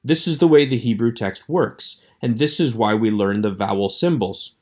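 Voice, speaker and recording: A man teaching a recorded online lecture with a measured, explanatory delivery. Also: medium pitch, darkish tone.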